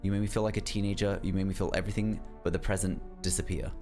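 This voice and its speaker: A man's voice: low-pitched, steady tone, racing, a little mellow, faint music behind. A man streaming a game live, reading notes and letters aloud and breaking off to chat with his viewers. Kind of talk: live gameplay commentary.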